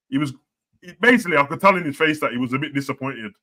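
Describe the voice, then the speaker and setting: A man talking football with a friend in slangy chat, jumping between loud outbursts and muttered asides. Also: medium pitch, racing. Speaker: football podcast host.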